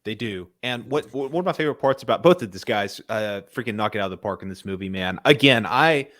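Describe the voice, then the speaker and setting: A man's voice: fairly low pitch, expressive, fast talker, a bit bright, no echo, clean studio sound. A man co-hosting a casual movie review chat, enthusiastic and loose, peppering his talk with "freaking" and "man.". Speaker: podcast co-host.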